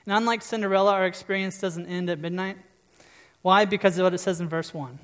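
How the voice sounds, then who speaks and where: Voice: medium pitch, steady tone, a little fast. A preacher giving a conversational sermon, often checking in with the audience with questions. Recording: long reverb.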